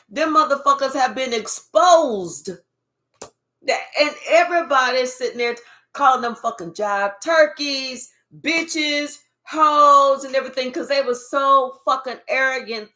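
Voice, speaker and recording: A woman's voice: high voice, a little slow, sharp tone. A woman spiritual card reader giving a livestream reading to viewers, talking emphatically with lots of swearing and teasing.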